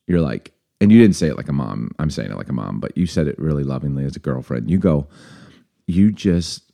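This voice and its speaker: A man with a low, mellow voice hosts a relaxed conversational podcast. He tells personal stories with animation and acts out the lines of the people in them. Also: fast, creaky. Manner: storytelling, animated, acts out quoted dialogue. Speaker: podcast host.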